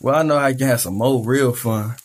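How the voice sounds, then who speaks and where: A voice actor playing a brash young college friend who talks in a teasing, slangy way with a husky voice. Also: mid-range voice, fairly quick, lightly acted. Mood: persuading.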